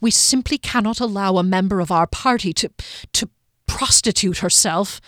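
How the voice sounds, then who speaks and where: A woman's voice: mid-range voice, fairly quick, no room sound, clean studio sound, close to an everyday voice. A woman voicing a diplomatic male companion who turns anxious and pleading.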